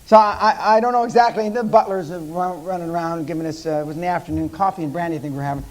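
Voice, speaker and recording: Brash high-voiced American man in his fifties. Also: racing, poor audio. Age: 50s. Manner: brash storytelling with profanity. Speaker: seminar speaker. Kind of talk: live seminar talk.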